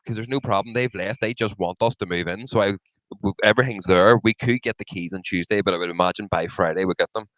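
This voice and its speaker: A man with a lower voice chats on a podcast, telling stories and teasing his co-host with plenty of swearing. The sound is dry and close with no room echo. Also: fast talker, a bit bright. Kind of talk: casual chat.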